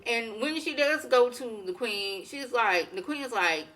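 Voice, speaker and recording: Bright-voiced chatty woman recapping a show. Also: a little high, a little slow, hardly any pauses. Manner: chatty, animated, colloquial, acts out quotes. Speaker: TV recap vlogger. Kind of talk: casual review chat.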